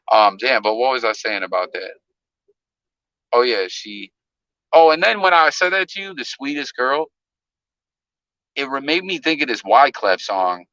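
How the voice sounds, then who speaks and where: A man hosting a casual live stream from his car on the highway, talking in a laid-back, rambling, slangy way. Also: sharp tone, no room sound, highs cut off. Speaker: livestream host. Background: wind.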